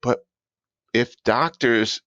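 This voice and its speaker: A man co-hosting a podcast, talking in an emphatic, animated way and asking rhetorical questions. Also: medium pitch, drawn-out words, no room sound, muffled recording. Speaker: podcast co-host. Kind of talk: conversational podcast talk.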